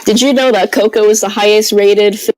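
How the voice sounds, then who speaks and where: Woman co-host, casual chat, quick teasing interjections, dry close sound, computer mic. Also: medium pitch, steady tone, darkish tone, dry recording, poor audio. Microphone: computer mic on a voice call.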